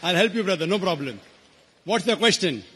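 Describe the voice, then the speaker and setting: A man's voice: high voice, lively intonation, a little fast, bright, forceful tone, big-room sound, slight background noise. A man lecturer firmly answering a questioner in a public debate, repeatedly calling him brother. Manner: firm, repeatedly addresses the asker as brother.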